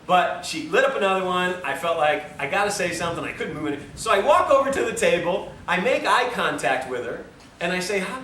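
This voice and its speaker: Bright-voiced man telling a story in a lecture. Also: high-pitched, a little fast, few pauses. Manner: animated, self-mocking storyteller. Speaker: health lecturer. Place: lecture room with audience. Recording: roomy, distant mic, faint hiss.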